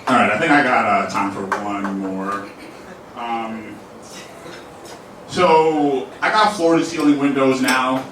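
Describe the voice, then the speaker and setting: A man's voice: medium pitch, takes it slowly, long pauses, very noisy. A young man doing a loose, profane stand-up set in a comedy club, laughing at his own jokes. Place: comedy club main room. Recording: echoey club room, mic at a distance.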